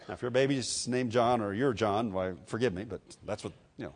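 A man preaching a sermon as a pastor, with sudden swells and drops in loudness and conversational asides to the congregation. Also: on the low side, a little fast, few pauses.

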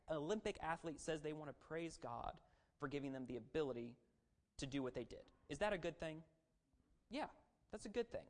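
A preacher giving a sermon in a conversational way, asking the audience questions and adding self-deprecating jokes. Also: mid-range voice. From raised as a Baptist missionary and pastor's kid.

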